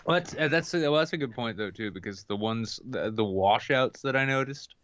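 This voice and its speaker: A man co-hosting a podcast, chatting casually with wry, dark jokes. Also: mid-range voice, brisk, highs cut off, slight background noise. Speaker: podcast co-host. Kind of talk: casual comedic chat.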